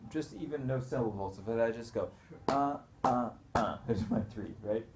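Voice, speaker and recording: A man's voice: mid-range voice, a little fast. Man counting beats through audible noise. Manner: counts beats aloud and chants rhythm syllables; patient, explains step by step. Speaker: rhythm teacher. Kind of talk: one-on-one music lesson. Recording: noisy room recording.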